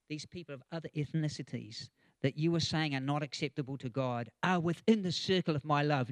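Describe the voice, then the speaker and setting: A male preacher gives a conversational sermon, slipping into chatty asides with chuckles and plenty of ums. His voice sits a little high for a man. The sound is dry and close. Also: no echo.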